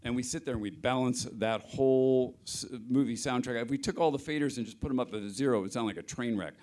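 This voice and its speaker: A man's voice: mid-range voice, fast, darkish tone. A middle-aged man, a film sound mixer, explaining his work at a panel interview, hesitant with many restarts.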